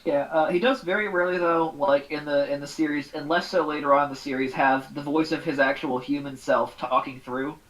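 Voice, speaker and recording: A man with a slightly high-pitched voice, talking loosely and profanely in a casual podcast chat. He rambles from point to point in an easygoing, joking way. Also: fairly even intonation, fairly quick, few pauses, fairly bright tone, low-quality recording. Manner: profane, chatty, slips into joking impressions. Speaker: podcast guest.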